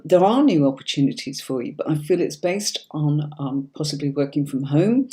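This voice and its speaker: Low-pitched and warm, this woman's voice leads a livestream tarot reading. She comes from Yorkshire, England, speaks with a neutral standard British accent, and stays chatty and reassuring, often checking in with those listening.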